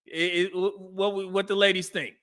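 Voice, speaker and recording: Bright, chatty man streaming commentary. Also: sits high, little pitch movement, normal speed. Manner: laughs often, talks back to the clips, reads out chat. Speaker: streamer reacting to an old dating show. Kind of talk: casual live-stream commentary.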